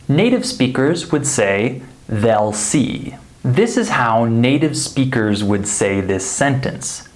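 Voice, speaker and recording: A man teaching English pronunciation, slowly and carefully modeling example sentences. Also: medium pitch. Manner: slow, deliberate, models example sentences clearly. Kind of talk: scripted pronunciation lesson.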